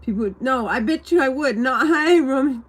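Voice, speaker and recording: A woman's voice: sits high, expressive, moderate pace, breathy edge. A woman rambling casually on a livestream, answering questions from viewers.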